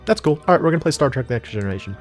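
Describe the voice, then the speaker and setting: A man's voice: a little high, sing-song, rapid-fire, soft background music. Rambling, forgetful man narrating gameplay. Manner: rambling, forgetful, many fillers. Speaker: let's play host. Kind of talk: casual gameplay commentary.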